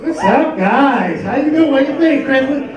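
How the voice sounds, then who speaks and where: A man's voice: extremely high pitch, expressive, unhurried, lo-fi sound. A man dressed as Santa joking with the audience while handing out gifts. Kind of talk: playful crowd work. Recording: distant mic in an echoey noisy club. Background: loud crowd chatter and noise.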